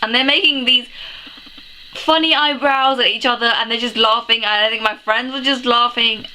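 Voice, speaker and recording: A young woman gushes through a casual film review, sniffly from crying and rambling from one exclamation to the next. Her voice is bright and sits a little high. A faint hiss runs behind her. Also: fairly even intonation, normal speed, poor audio. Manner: gushing, rambling, exclaims often, laughs through tears.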